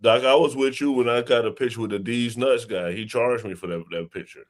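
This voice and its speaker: A man's voice: medium pitch, brisk. A man hosting a casual talk show, joking and leading his panel. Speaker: show host.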